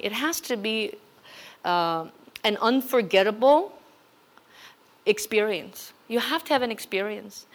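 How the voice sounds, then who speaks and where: A woman's voice: mid-range voice, a bit bright. A woman pastor giving a sermon in a conversational way, building to emphatic exhortation.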